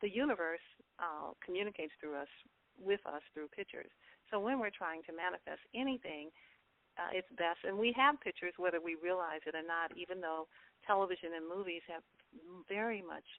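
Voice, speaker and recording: A woman's voice: on the low side, fairly quick. A woman guest speaker on a talk show, explaining things in a confident, emphatic way. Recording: tinny phone line.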